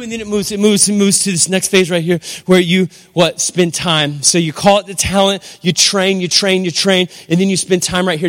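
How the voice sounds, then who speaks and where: A man's voice: high voice, expressive, moderate pace, hardly any pauses, a bit bright. A middle-aged man preaching a sermon as pastor, emphatic and repetitive, with rhetorical questions. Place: church hall. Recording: long hall reverb.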